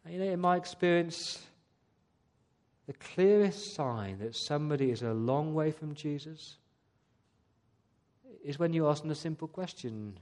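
A man's voice: fairly high pitch, animated, unhurried, long pauses, darkish tone. A man preaching a sermon to his church, earnestly putting rhetorical questions to the congregation. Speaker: pastor. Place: church service.

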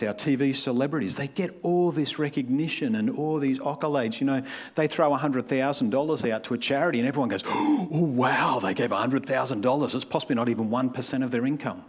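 A man's voice: mid-range voice, brisk, a little mellow. A man, preaching a sermon in a conversational way and acting out the people he describes. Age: 50s. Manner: conversational, acts out quoted voices.

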